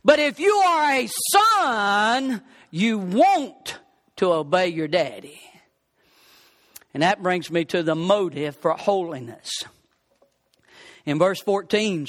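A man preaching a sermon as pastor, emphatic, repeating words for stress and rising to shouts. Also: high-pitched, lively intonation, slow, pauses often.

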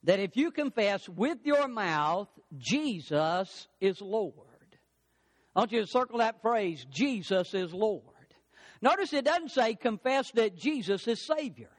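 Older male pastor, very high voice, emphatic preaching cadence. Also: animated, a little slow. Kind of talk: sermon.

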